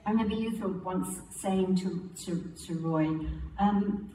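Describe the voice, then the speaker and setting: An older woman actress from England, telling warm theatre stories in an interview, acting out quotes and laughing often. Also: medium pitch, unhurried, far from the mic. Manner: animated storyteller, acts out quotes and laughs often. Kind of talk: relaxed anecdotal interview. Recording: roomy, off-mic, faint background hiss.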